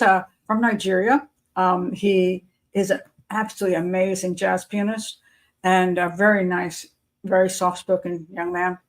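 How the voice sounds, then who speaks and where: A woman's voice: lowish voice, gravelly. An older woman hosting a live chat show, talking casually and rambling with many fillers and restarts.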